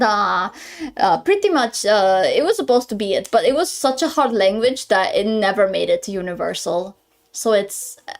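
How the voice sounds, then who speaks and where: Rambling young woman streamer. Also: mid-range voice. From Greece. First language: Greek. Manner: rambling, self-correcting, stammers and laughs often. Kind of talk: casual live-stream chat.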